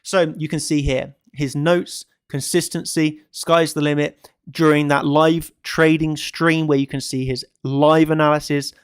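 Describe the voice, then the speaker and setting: A man whose voice sits a little high, clear and resonant, keeps a level tone and measured pace while commenting casually on crypto markets for his trading channel. He's still emphatic, repeating and stacking phrases for stress. The studio sound is clean, with no echo.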